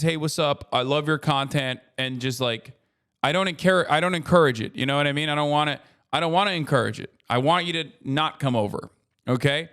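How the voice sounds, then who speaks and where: A man's voice: a little high, a bit bright, smooth. Profane, rambling male streamer. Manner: profane, rambling, joking asides. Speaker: streamer reacting to a video. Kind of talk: casual reaction commentary.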